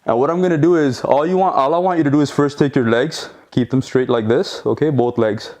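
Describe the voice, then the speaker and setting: A fitness instructor leads a home workout in a brisk, medium-pitched, slightly mellow male voice. He's encouraging, counts reps as he exercises along, and keeps checking in with "okay?"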